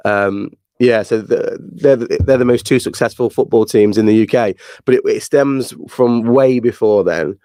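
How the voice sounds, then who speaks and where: A man's voice: medium pitch, moderate pace, hardly any pauses, warm tone, dry recording. A man from England with a Northern English accent, a podcast guest who laughs easily and talks with many fillers. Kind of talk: casual interview chat.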